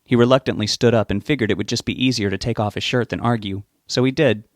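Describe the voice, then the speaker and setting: A man narrating a novel as an audiobook reader, giving the characters' lines small lifts in pitch. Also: fairly even intonation, fast, no room sound, studio quality.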